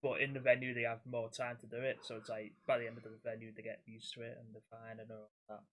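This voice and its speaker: A young man chats on a podcast in a blunt, sweary storytelling way. His voice sits at an ordinary middle pitch, neither deep nor high. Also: completely flat delivery, fast, a bit bright. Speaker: podcast co-host and axe-throwing instructor. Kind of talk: casual chat.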